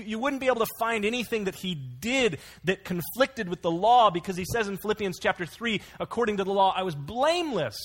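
Man preaching, slightly high voice. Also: a bit bright. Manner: earnest expository preaching with anecdotes. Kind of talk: sermon.

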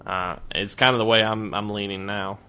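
A man's voice: fairly low pitch, little pitch movement, normal speed, sharp tone, clear, resonant tone. A man co-hosting a casual fan podcast, talking in a chatty, rambling way with frequent restarts. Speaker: podcast co-host.

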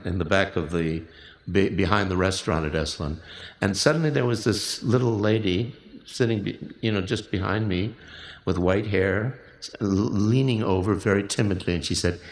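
Low-voiced man guiding a workshop. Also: echoey room. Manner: measured, reflective, often restarting phrases. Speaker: workshop leader. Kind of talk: guided instruction for a recorded exercise.

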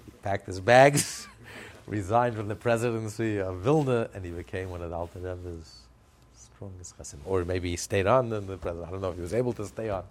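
A man telling a Hasidic story to a group, acting out the characters with lively shifts and the odd laugh. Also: deep voice, brisk. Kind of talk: storytelling talk.

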